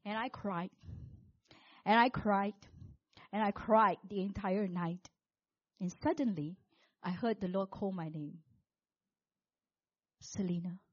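A woman preaching a sermon, telling a personal story in an animated way and acting out what people said, with big swings between loud and soft. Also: mid-range voice, unhurried, long pauses, dull audio.

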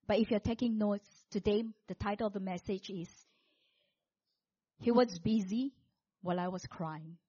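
A woman's voice: medium pitch, slightly rough. Dull-sounding woman preaching a testimony. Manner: animated storytelling, acting out quotes with big swings in volume. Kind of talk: sermon with personal testimony.

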